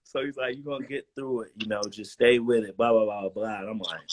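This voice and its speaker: With a fairly low pitch and a brisk delivery that hardly pauses, this twenty-something former college football player guests on a video call. He tells stories in casual slang and acts out quotes animatedly. A little hiss or hum sits in the audio.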